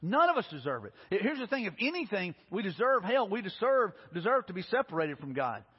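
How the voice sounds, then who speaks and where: Husky-voiced preacher man. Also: high voice, very animated, brisk. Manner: earnest preaching, frequent restarts and repeated words. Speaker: pastor. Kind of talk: sermon. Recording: dull recording in a reverberant hall.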